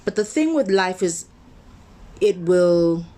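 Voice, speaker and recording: A woman minister giving a motivational sermon-style talk. She speaks conversationally and with emphasis, slowing down to stress key words and building her points through repetition. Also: fairly low pitch, expressive, dark tone.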